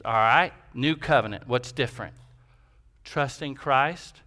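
A man's voice: medium pitch, expressive, slow pace, sharp tone. A man preaching a sermon as pastor, emphatic, with rhetorical questions and repetition.

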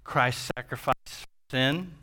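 A man's voice: mid-range voice, a little slow, sharp tone. A man preaching a sermon as pastor, emphatic, with rhetorical questions and repetition.

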